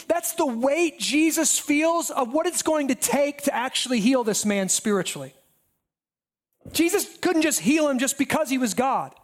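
A pastor preaching a sermon with emphatic, repetitive, building cadences. The voice swings between raised intensity and hushed, near-whispered passages. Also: high-pitched.

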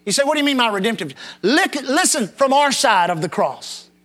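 High, bright-voiced impassioned male preacher. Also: big pitch swings, fairly quick. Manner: impassioned, repetitive preaching cadence with sudden drops and rises; reads scripture aloud in dramatic King James style. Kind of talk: sermon.

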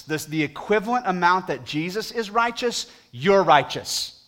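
A man preaching a sermon, pleading with the congregation, moving from booming emphasis to hushed appeals. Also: big pitch swings, a little slow. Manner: talks to the congregation directly with questions. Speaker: pastor.

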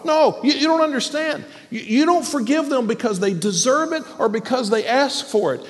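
A man, a pastor, preaching a sermon with emphasis, often repeating words as he presses a point. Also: very high-pitched. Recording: long hall reverb.

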